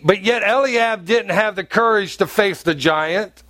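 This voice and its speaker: A man preaching a sermon as pastor, animated and storytelling, laughing often. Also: high voice, measured pace, no echo.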